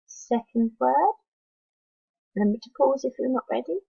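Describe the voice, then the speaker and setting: A woman teacher leading a phonics lesson for young children, slowly sounding out letters one at a time and encouraging them to join in. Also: sits high, expressive, gravelly, dark tone, breathy edge, no echo, lo-fi sound. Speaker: primary school teacher.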